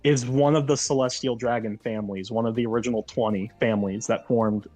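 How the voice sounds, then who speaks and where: A man's voice: medium pitch, steady tone, brisk, dark tone, faint music behind. A man co-hosting a casual podcast chat, walking through a theory at length and reading quotes aloud. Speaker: podcast co-host.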